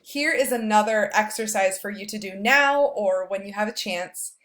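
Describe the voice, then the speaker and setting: A woman's voice: mid-range voice, a bit bright. A woman professor giving a recorded lecture over slides, explaining in a casual way with frequent fillers. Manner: reads verse slowly, stressing each beat.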